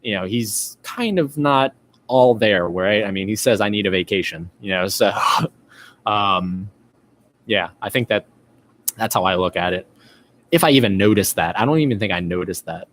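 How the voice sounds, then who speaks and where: A man's voice: on the low side, moderate pace, pauses often, a bit bright. A man hosting a live-stream podcast, chatting casually and reading out viewer comments, with lots of fillers and restarts. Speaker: podcast host.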